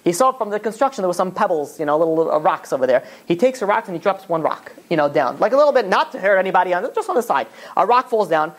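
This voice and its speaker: Fast-talking rabbi telling stories. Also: male voice, sits high. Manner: animated storytelling, casual filler-heavy talk. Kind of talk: Torah class lecture with storytelling.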